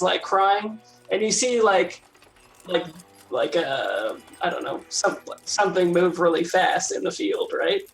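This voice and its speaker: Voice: mid-range voice, creaky, poor audio. Tabletop game player, giggly, rambling, faint background music. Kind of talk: tabletop game role-play.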